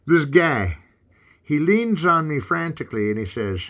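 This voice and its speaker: A man's voice: fairly high pitch, very animated, a little slow, fairly bright tone, voice pushed up, exaggerated voice. A man playing a stoned, rambling male cartoon critic in improvised comedy commentary over gameplay.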